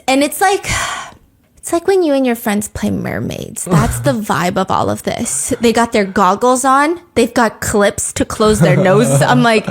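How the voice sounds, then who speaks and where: A woman hosting a podcast, recapping a show in a casual, jokey way and acting out its quotes. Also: high voice. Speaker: podcast host. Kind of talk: casual comedic recap chat.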